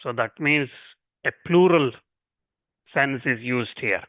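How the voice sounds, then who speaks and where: A man teaching scripture in a lecture, explaining step by step with repetitions and halting restarts, and reciting verses slowly. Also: medium pitch, no echo. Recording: tinny phone-like dry sound.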